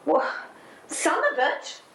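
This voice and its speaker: A woman's voice: high voice, roomy sound, recorded from a distance, heavily acted. A woman playing a furious cheated partner. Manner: shouting, indignant. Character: betrayed woman confronting a lying partner. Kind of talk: drama scene.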